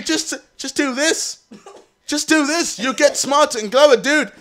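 A young man doing excitable gaming commentary, shouting, swearing and laughing in frustration as he plays. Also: very high voice, a little slow. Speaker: gaming video host. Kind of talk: let's-play commentary.

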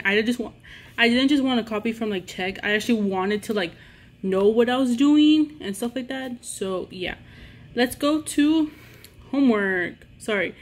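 A young adult woman vlogging in a casual, rambling way, exasperated and full of "like". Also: a little high. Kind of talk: casual vlog chat.

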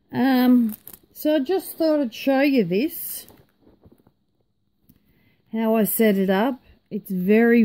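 Slow, mellow-voiced woman chatting. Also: medium pitch. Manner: chatty, rambling, self-mocking. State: tired, yawning. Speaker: vlogger. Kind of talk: casual chat.

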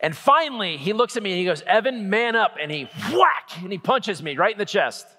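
A man in his thirties, a Catholic priest, preaching a sermon with lively, humorous storytelling. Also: high-pitched, fairly quick. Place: church. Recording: echoey church hall.

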